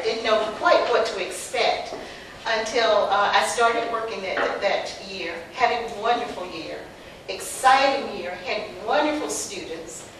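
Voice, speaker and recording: An older woman with a Southern accent, telling lively stories on a panel, acting out the dialogue and laughing often. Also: on the high side. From North Carolina. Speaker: panelist, former teacher. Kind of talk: personal storytelling on a panel. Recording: very echoey distant hall recording with background noise.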